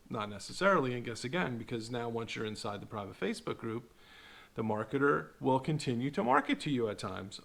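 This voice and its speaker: A man's voice: medium pitch, a little fast, vocal fry. Sarcastic man ranting to camera. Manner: animated, sarcastic, mocks marketers in put-on voices; repeats "right?" to the viewer. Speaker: online video host. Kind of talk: casual talking-head commentary.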